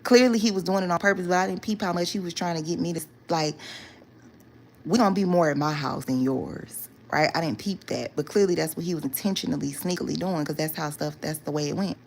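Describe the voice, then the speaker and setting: A woman's voice: lowish voice, quick pace, creaky, hardly any pauses, a little hiss or hum. A young woman telling a story to her viewers in casual chat, chatty and loose with slang, fillers and "right?" asides. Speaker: storytime vlogger.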